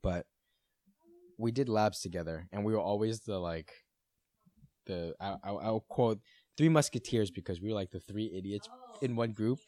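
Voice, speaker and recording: Low-voiced young man, laughing storyteller. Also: dark tone, no room sound. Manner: laughing, swearing, fast anecdotal storytelling. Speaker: podcast co-host. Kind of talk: casual chat.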